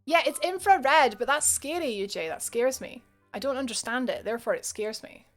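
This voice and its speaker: A young woman with a Scottish accent talks through a live game stream, reading chat aloud and laughing often. Her voice sits high, and she chatters on in a relaxed way. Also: normal speed, faint music behind.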